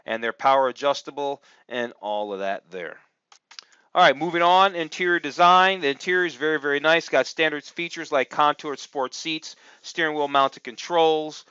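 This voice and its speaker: A man's voice: fairly high pitch, moderate pace, pushed and bright, smooth, no room sound, lo-fi sound. A man giving a casual, upbeat car review, chatting and thinking aloud with lots of fillers as he goes. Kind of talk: casual screen-share review commentary.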